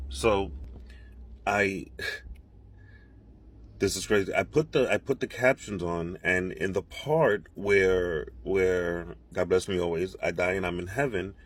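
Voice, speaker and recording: Rattled husky-voiced man at home. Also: low voice. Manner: rattled, rambling with many restarts. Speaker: social media creator. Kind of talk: casual self-recorded video. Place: his own house.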